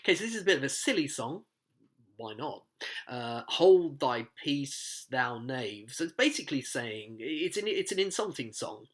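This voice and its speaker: A man's voice: fairly high pitch, very animated, brisk, a bit bright. A man teaching a play, explaining it line by line in a chatty way, with asides and quoted lines read aloud. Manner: reads quoted lines aloud in voices and sings snatches. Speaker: literature teacher.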